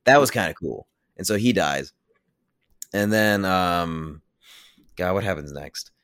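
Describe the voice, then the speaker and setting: This low, unhurried male voice is a bit bright, clear and resonant as he rambles through a film's plot on a podcast, spoilers and all, with frequent "like" and blunt opinions. Studio quality, no room sound.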